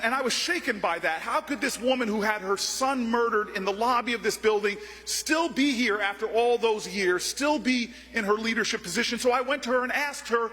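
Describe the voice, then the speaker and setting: A man delivers a passionate speech, his voice sitting very high for a man. He builds rhythm through repeated phrases as he tells stories. The sound carries a long echo from a large hall. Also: pushed and bright. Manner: rhythmic repetition, storytelling. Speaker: political speaker. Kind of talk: impassioned speech.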